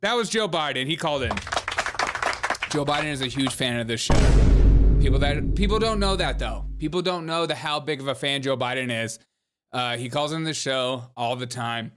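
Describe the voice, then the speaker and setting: A man's voice: medium pitch, very noisy. Jokey Southern-accented male podcast host. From South Carolina. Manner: fast, jokey, irreverent, sarcastic asides. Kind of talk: comedic news commentary.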